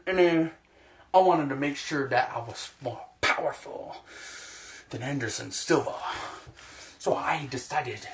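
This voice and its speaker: Man putting on a smug whiny male fighter, low mumbling mockery, slow drawl, sliding away from the mic.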